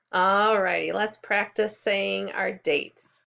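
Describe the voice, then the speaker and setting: A woman teaching a kindergarten class in a recorded lesson, speaking clearly and encouragingly and prompting the children to repeat after her. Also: medium pitch, steady tone, slow pace, hardly any pauses, pushed and bright.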